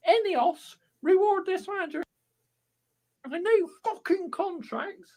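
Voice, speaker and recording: A man, a football fan vlogger giving an angry rant to camera, shouting and swearing heavily. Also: very high voice, slow. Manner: furious, shouting, heavy swearing.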